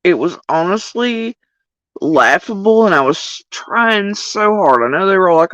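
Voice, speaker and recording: A woman's voice: on the low side, slow pace, pauses often, dry recording, poor audio. A woman livestreamer talking casually to her chat in a profane, heated rant, addressing viewers directly. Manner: profane, animated ranting.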